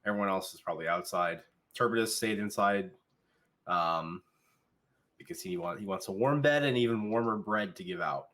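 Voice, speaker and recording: A man narrating a tabletop game as dungeon master, relaxed and filler-heavy. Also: fairly low pitch, moderate pace. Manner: relaxed, hesitant, lots of fillers.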